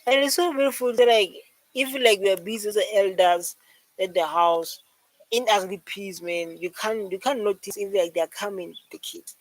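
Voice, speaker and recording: A man's voice: high-pitched, moderate pace, poor audio. Rambling man reacting casually. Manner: rambling, emphatic, repeats himself, fillers like "man". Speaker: reaction video host. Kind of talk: casual commentary.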